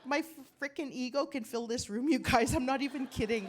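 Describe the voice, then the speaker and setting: A woman's voice: high voice, a little fast. An older woman performing a stand-up comedy set, rambling and self-deprecating, laughing at her own jokes, coughing from bronchitis, on a handheld mic. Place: comedy club stage.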